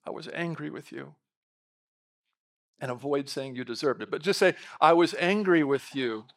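A middle-aged man preaching a sermon, his voice sitting a little high for a man. He talks straight to the congregation, asking questions and tossing in quick asides. His delivery is lively and conversational. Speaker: pastor.

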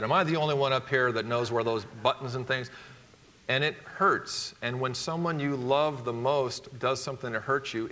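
Bright-voiced preacher guy, emphatic, loud then hushed, mid pitch. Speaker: pastor. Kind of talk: sermon.

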